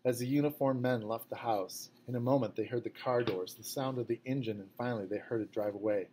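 Man, audiobook narration, measured, quiet, average pitch, faint background noise. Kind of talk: scripted narration.

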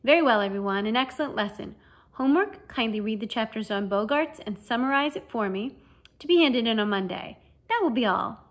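A calm, kindly male professor giving brisk classroom orders in a raised voice, as a woman reader puts him on. The voice sits fairly high, in the manner of an audiobook character read aloud. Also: natural voice. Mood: pleased.

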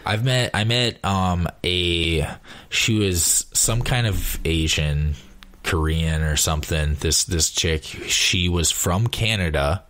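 A man's voice: low-pitched, takes it slowly, fairly bright tone. A man hosting a podcast in casual chat, joking and laughing often. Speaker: podcast host.

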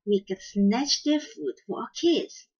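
A woman's voice: high-pitched, unhurried, creaky, darkish tone, breathy edge, muffled recording, heavily acted. A woman voicing a sly male shrew father who denies and challenges, in a storybook reading. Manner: denying, challenging.

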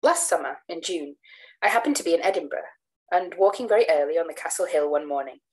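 A woman reading a gothic tale in measured, expressive first-person narration. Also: on the low side, poor audio. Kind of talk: literary narration read aloud.

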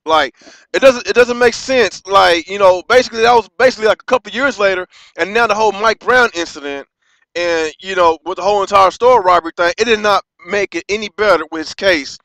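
An American man delivering an impassioned vlog rant, halting and restarting often and swearing freely. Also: sits high, fairly bright tone, no room sound. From United States. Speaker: vlogger.

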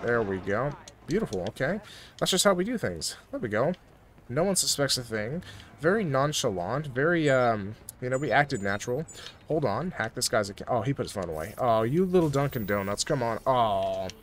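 A young man giving goofy, excitable commentary over his own video game playthrough, joking with his viewers. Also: mid-range voice, a little fast, slight background noise. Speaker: gaming YouTuber. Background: game music and sirens.

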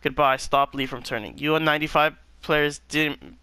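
A man's voice: fairly high pitch, steady tone, normal speed, pushed and bright, clean tone, no echo. A young man hosting a gaming channel, reacting emotionally with constant swearing and reading game text aloud.

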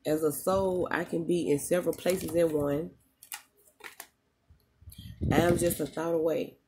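A spiritual reader giving a casual channeled reading straight to viewers, slangy and chatty, pausing often to tune in. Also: medium pitch, steady tone, warm tone, a little hiss or hum. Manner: emotional at moments, talks straight to the audience.

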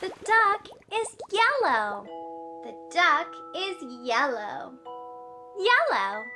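A woman's voice: very high-pitched, very animated, extremely slow, over music. A woman teaching toddlers, talking right to the child in a sing-song, exaggerated and encouraging way. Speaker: children's educator.

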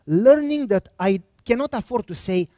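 A man's voice: high-pitched, expressive, normal speed, dark tone, no echo. Male pastor, middle-aged, sermon storytelling, conversational, dry close sound. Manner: conversational, acts out quoted dialogue.

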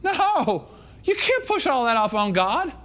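A man's voice: extremely high pitch, huge pitch swings, normal speed, sharp tone. A man preaching a sermon as pastor, emphatic, repeating lines and calling out to the congregation.

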